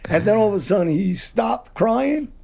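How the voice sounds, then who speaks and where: A man's voice: sits high, animated, moderate pace, darkish tone, a little hiss or hum. A man casually telling jail stories on a podcast, with tough street talk. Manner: gravelly, raspy, tough street talk with cursing. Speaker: podcast host. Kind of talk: casual storytelling chat.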